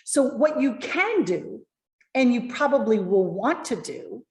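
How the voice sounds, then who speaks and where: A woman presentation coach giving lively, encouraging tips to viewers over a video call. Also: on the high side, measured pace, reverberant.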